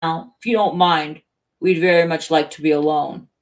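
A woman's voice: low-pitched, fairly even intonation, normal speed. A woman voicing a woman speaking through a grizzled old male cop, gushing and theatrical. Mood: simpering.

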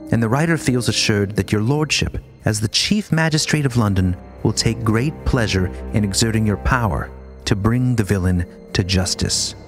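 A man, a podcast co-host, giving a measured, formal reading of a historical letter. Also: on the low side.

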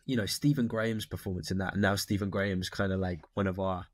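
A man chats as an interview guest, his voice sitting low and recorded close and dry. He wanders through his thoughts, restarting sentences as he goes. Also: fairly even intonation, fast talker, no echo. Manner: thoughtful, rambling with many restarts. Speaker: actor guest. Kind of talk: casual interview chat.

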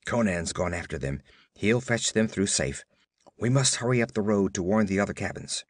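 Urgent young frontier settler, voiced by a man, quick and insistent, dry recording. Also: lowish voice, no room sound, natural voice. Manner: urgent, shouting warnings.

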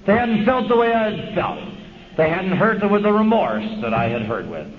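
A man's voice: high voice, big pitch swings, moderate pace. Folksy storytelling man on old tape. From Southern California. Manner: folksy, streetwise storytelling with quoted voices. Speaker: speaker at a recovery meeting. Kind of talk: personal testimony talk. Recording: lo-fi 1970s tape recording, hissy.

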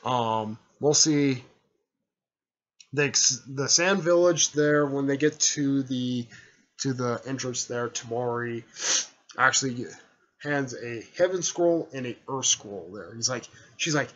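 Rambling man with a bright, husky voice. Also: mid-range voice, slow, highs cut off. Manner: rambling, repeats "there" and "stuff like that". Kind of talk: casual story retelling.

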